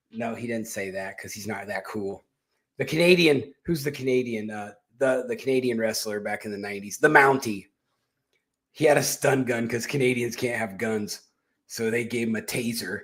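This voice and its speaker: A man speaking in an everyday middle-pitched voice, running a loose political opinion monologue. His delivery is blunt and mocking, with sarcasm, swearing and rambling asides. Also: moderate pace, a bit bright. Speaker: political commentary host.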